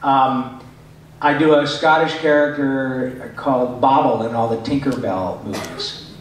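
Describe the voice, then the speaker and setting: A man's voice: medium pitch, a little slow, a little hiss or hum. A middle-aged man from Michigan, a voice actor chatting and joking with fans at a convention panel Q&A. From Michigan, USA. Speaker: voice actor guest answering fan questions. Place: large convention hall. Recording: echoey hall, picked up from far off.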